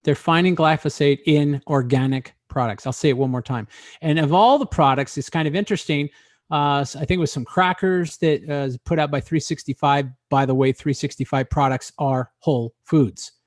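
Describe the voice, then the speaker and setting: A man's voice: fairly high pitch, moderate pace, no room sound, studio quality. A man hosting a casual talk show, joking and rambling with many hesitations. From Arizona. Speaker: host.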